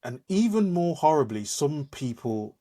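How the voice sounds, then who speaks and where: A man's voice: on the high side, very animated, unhurried, dark tone. A man co-hosting a podcast in casual chat, explaining things in a storytelling way. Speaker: podcast co-host.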